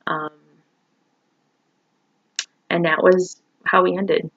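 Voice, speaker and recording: A woman's voice: fairly low pitch, little pitch movement, drawn-out words, fairly bright tone, dry recording. A woman in her twenties telling a painful personal story to camera, rambling and emotional, filling her talk with "like" and "you know.". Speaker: vlogger. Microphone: phone. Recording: dull lo-fi phone recording.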